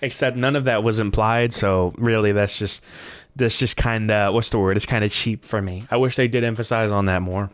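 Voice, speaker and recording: A man hosting a podcast, chatting casually about movies, animated and quick to swear. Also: lowish voice. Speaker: podcast host.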